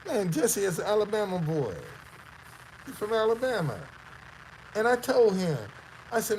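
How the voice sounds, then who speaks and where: A man's voice: sits high, sing-song, a little slow, long pauses, a little mellow, slight background noise, rough recording. A man from the Southern United States with a Southern accent, hosting casual commentary on a clip; he talks emphatically, repeats phrases and throws out rhetorical questions. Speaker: host.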